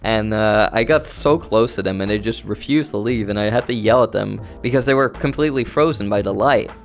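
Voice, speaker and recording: This streamer has a lowish voice with vocal fry and a brisk delivery. He's at his home setup playing in VR, rambling easily as he talks with chat over faint background music.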